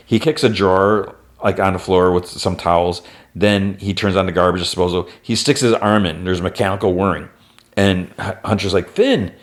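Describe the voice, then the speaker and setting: A very low-pitched man talks through a cartoon episode on his podcast, scene by scene, in a loose, chatty way. He leans on "like" constantly and lifts into a higher, playful tone for quoted lines. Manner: retells plot with constant "like" fillers. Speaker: podcast host. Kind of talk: casual episode recap.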